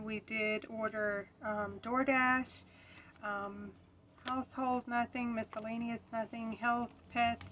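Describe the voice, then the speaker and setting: Young woman, slightly high voice, out of breath, chatty home budget vlog, a bit dull lo-fi sound. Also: fairly bright tone, a little hiss or hum. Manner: chatty, many ums, counts bills aloud. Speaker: budgeting vlogger. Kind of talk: casual budgeting talk while counting cash.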